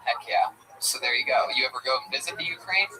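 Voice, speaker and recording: A man hosting a live comedy show, roasting the comics with loud, profane banter. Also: medium pitch, fast talker, distant mic, background noise.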